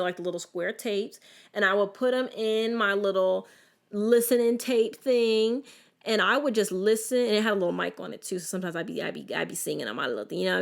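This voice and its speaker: A young adult woman hosting a casual solo podcast, telling animated stories with lots of restarts. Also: mid-range voice. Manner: animated, chatty storytelling with many restarts. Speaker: podcast host.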